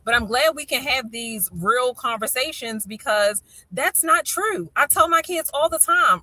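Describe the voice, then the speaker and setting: A middle-aged woman with a Baltimore accent, hosting a casual chat and telling stories with lively acted-out quotes. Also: sits high, normal speed, hardly any pauses, dry recording. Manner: animated storyteller, acts out quotes. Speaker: podcast host.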